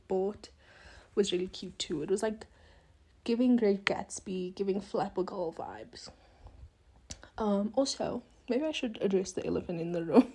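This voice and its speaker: She's in her twenties, hosting her podcast from a home room with windows and talking into a phone in her hand. The chat is loose and rambling, broken up by frequent laughs and whispered asides, delivered in a mellow, slightly rough, mid-range voice.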